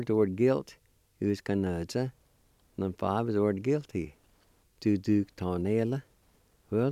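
A man teaching a language lesson, spelling and pronouncing each word slowly and repeating it. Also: on the low side, dark tone, no echo. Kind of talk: slow spelling and pronunciation lesson.

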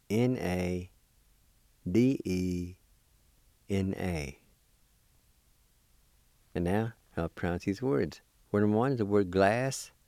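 A man's voice: low-pitched, mellow, no room sound. A man giving a recorded pronunciation lesson. He spells out syllables one by one with patience and encourages the learner. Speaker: language teacher.

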